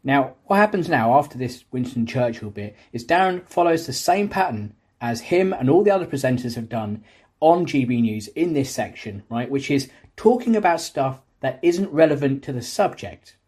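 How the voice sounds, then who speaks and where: A man's voice: mid-range voice, big pitch swings, moderate pace, a little mellow, slightly rough. A man giving casual, sardonic video commentary with swearing and chatty asides, recorded on a cheap microphone. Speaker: YouTube commentator. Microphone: cheap microphone instead of his usual one.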